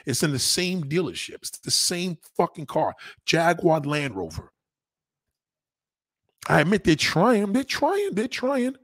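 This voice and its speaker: In unhurried speech with frequent pauses, a male livestreamer mocks a viewer's comment in a heated, profane rant, repeating himself to drive the point home. He's animated, his pitch leaping up in moments of indignation. The sound is clean studio audio with no echo.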